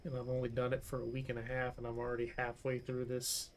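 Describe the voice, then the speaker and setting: A man's voice: mid-range voice, monotone, fast, slight background noise. A young man streaming a game, chatting casually, rambling, and swearing freely. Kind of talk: casual chat while gaming.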